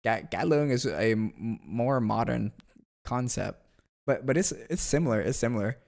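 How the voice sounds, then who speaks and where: A man's voice: medium pitch, animated, moderate pace, creaky, a little mellow. A man chatting casually on a stream in a slangy, laid-back way, reacting to chat and often restarting his words.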